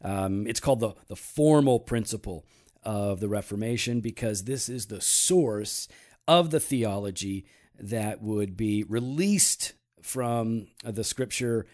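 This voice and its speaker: A man hosting a casual talk show, explaining calmly with many fillers and teasing his co-host. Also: on the low side, measured pace. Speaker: podcast host. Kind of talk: casual teaching talk about church history.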